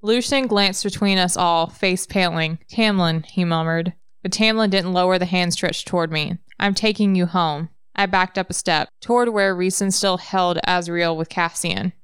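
A woman reading a fantasy novel aloud in a measured, even narration. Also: lowish voice, clean tone, dry recording, studio quality. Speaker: reader.

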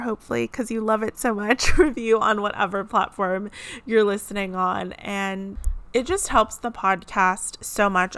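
A woman's voice: mid-range voice, a bit bright, smooth. A woman hosting her own podcast, chatting casually and giggling often, with plenty of fillers. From California. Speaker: podcast host. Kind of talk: casual chat.

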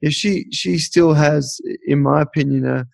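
A man's voice: a little high, steady tone, a little slow, gravelly, darkish tone, no echo. A man hosting a podcast, chatting casually and telling stories in a reflective way. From Australia. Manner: reflective, storytelling. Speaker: podcast host.

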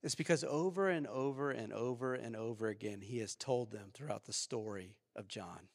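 A man preaching a sermon as pastor, animated, swinging from loud outbursts to quiet reflection. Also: medium pitch, moderate pace, in a large hall. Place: church sanctuary.

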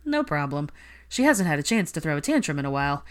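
A woman's voice: sits low, sing-song, fast. A woman voicing an awkward, easily flustered young man who grumbles a little. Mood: casual. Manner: gruff, grumbling.

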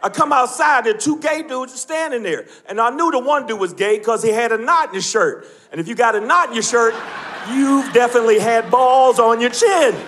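Brash, very high-voiced male comedian. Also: fairly quick, a bit bright. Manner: brash, profane, confrontational with the crowd. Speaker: stand-up comedian. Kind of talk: live stand-up routine. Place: comedy club stage with a live audience. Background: audience laughter and room ambience.

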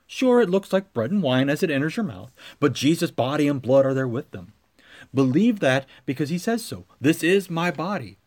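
A man preaching a sermon as pastor, with a measured cadence that swells into emphatic lines. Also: fairly high pitch, darkish tone.

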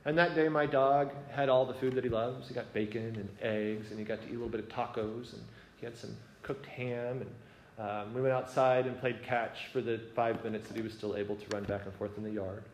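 A man's voice: medium pitch, steady tone, a little fast, a little hiss or hum. A man sharing an earnest personal story with a gathering, talking conversationally and often checking whether his listeners follow. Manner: conversational, asks listeners if it makes sense. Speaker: speaker sharing a reflection. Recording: echoey room with faint ambience.

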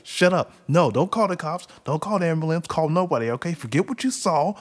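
A man voicing a gruff adult male biker on the run, curt and threatening. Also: medium pitch, lively intonation, rapid-fire, darkish tone.

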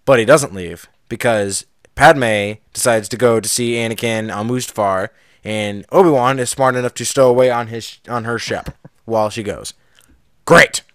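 A man telling a film's plot in a casual podcast chat, bouncing between narration and quick acted quotes. His voice is smooth and clean, and the recording is close and dry, with no room around it. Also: mid-range voice, no echo. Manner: animated storyteller, acts out quotes, laughs often. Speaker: podcast co-host. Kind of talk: casual chat recapping a film.

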